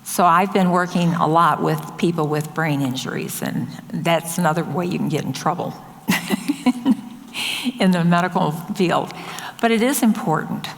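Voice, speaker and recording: A woman's voice: fairly low pitch, unhurried, creaky. An older woman, a nurse, telling true stories from her work in a casual, anecdotal way, quoting people as she goes. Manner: anecdotal, quotes others in lively voices. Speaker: nurse and speaker. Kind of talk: storytelling talk. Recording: long hall reverb.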